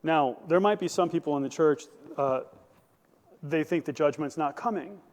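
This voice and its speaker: A man's voice: fairly high pitch, moderate pace, big-room sound. A male pastor preaching a sermon, building to emphatic bursts and asking the congregation questions. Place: church sanctuary.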